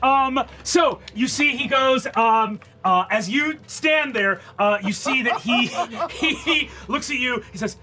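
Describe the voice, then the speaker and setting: A man narrating as game master, halting with many fillers. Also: extremely high pitch, expressive, sharp tone.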